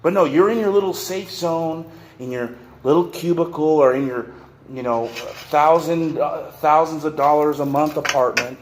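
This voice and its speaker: A man's voice: on the high side, moderate pace, echoey room. Rambling, cussing man in a noisy workshop. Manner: rambling, profane, repeats and restarts. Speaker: vlogger. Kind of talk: rant to camera.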